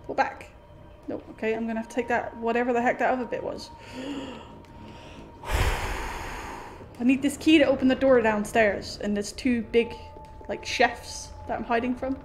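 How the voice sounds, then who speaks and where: A woman with a fairly high voice streams a horror game, speaking at a measured pace with frequent pauses over a faint hiss or hum. She's jumpy and exclamatory, chatting to the characters and her viewers in let's-play style.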